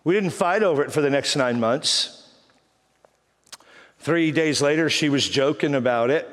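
A man's voice: a little high, unhurried, long pauses. A middle-aged man from Texas, preaching a humorous sermon and telling stories with teasing energy. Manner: animated, teasing storyteller acting out quoted voices. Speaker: pastor. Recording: reverberant hall.

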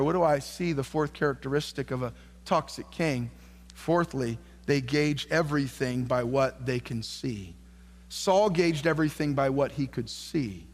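High-voiced preacher in a reverberant hall. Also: male voice, lively intonation, unhurried. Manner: reads scripture aloud and calls questions out to the congregation; builds to fervent, emphatic preaching. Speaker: pastor. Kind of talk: sermon. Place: church sanctuary.

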